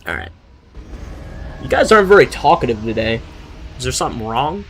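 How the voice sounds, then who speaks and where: A man's voice: medium pitch, sing-song, a little fast, slight background noise. A young man giving casual, rambling commentary while playing a strategy game and reading chat aloud. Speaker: gaming streamer.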